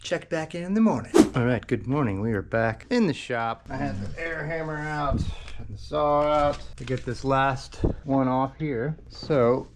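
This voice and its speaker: Playful mechanic in a noisy workshop. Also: male voice, medium pitch, a little slow. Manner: playful, rhyming wordplay and banter with his dog. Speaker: mechanic working on a car. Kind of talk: casual workshop vlog. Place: auto repair shop. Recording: noisy workshop with tool clicks.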